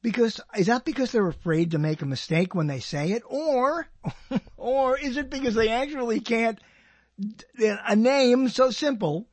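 Rambling older radio host, husky voice. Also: male voice, very high voice, no echo. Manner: rambling, self-interrupting, joking. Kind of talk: rambling solo monologue.

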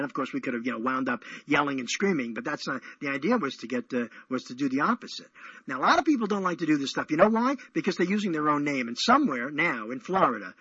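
A man's voice: on the high side, pushed and bright, breathy edge, no room sound. A man hosting a radio show, chatting in a playful, rambling, teasing way. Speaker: radio host. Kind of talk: casual call-in radio chat. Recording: dull lo-fi radio audio.

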